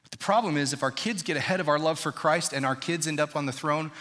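A man in his thirties, pitched fairly high, speaks quickly with a slightly bright tone. He's a pastor delivering a sermon in a large church auditorium, talking conversationally and quizzing his congregation. The hall is reverberant.

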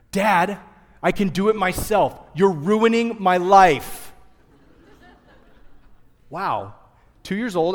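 A man in his thirties preaching a sermon, chatting and telling stories with asides to the congregation. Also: a little high. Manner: conversational, animated storytelling with asides to the audience. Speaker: pastor. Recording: long hall reverb.

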